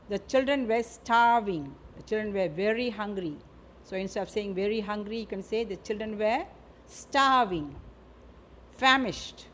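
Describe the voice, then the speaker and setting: Woman, English vocabulary teacher, slow and repetitive, tag questions, faint background noise. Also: mid-range voice. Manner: slow, repeats each word and example; ends points with a tag question. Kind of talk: vocabulary lesson.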